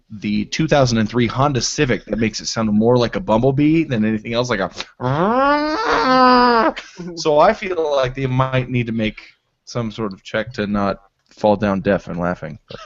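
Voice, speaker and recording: A man's voice: fairly low pitch, moderate pace, highs cut off. A man playing a tabletop game, rambling through jokes and laughing. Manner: joking, rambling, giggly. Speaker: player. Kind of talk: casual tabletop play.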